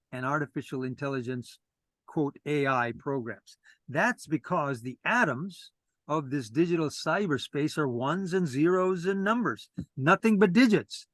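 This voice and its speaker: A man's voice: a little high, fairly bright tone, dry recording. Earnest man lecturing, dry close sound. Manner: earnest, lecturing, breaks off for casual asides. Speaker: presenter. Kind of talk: reading a script with asides to a co-host.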